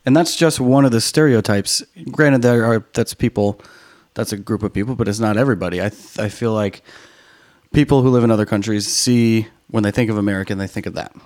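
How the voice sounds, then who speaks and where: A man's voice: fairly low pitch, fairly quick, darkish tone. A man co-hosting a casual chat podcast, easygoing and agreeable, talking with many fillers and restarts.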